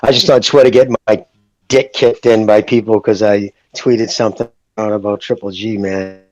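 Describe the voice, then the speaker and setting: A man's voice: lowish voice, fairly even intonation, moderate pace, a little mellow, no echo, muffled recording. A man joining a casual podcast who rants and swears freely. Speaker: podcast guest. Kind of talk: casual boxing podcast chat.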